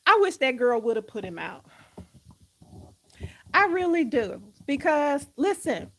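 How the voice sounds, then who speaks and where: A woman's voice: high voice, big pitch swings, measured pace, a bit bright, poor audio. A woman hosting a live stream, chatting casually and animatedly, often breaking into laughter.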